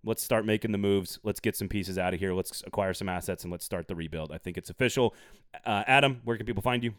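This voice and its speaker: A man hosting a casual sports podcast, getting animated and worked up, tossing in jokey plugs. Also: lowish voice, quick pace, no room sound, studio quality. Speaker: podcast host.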